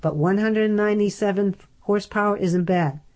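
A woman's voice: mid-range voice, moderate pace, darkish tone, pitched above the performer's own voice, natural voice. A woman reading aloud and voicing a fussy, blunt young man who corrects every detail. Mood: matter-of-fact.

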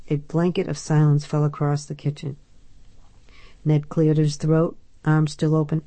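A woman reading a novel aloud in measured, even storytelling narration, close to the microphone. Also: low-pitched, dry recording. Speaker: audiobook narrator. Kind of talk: scripted narration.

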